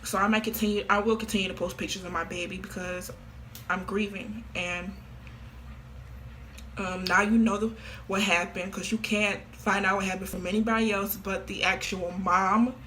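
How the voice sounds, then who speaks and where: A woman's voice: medium pitch, fairly even intonation, normal speed, a bit bright, a little hiss or hum. A woman talking casually to camera in an offhand, slangy and repetitive way. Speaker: vlogger.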